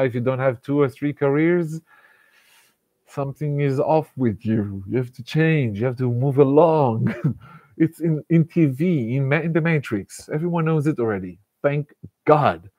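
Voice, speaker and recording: A man, giving a casual, animated self-help talk and laughing often between thoughts. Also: medium pitch, dry recording, studio quality. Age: 40s. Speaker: motivational speaker.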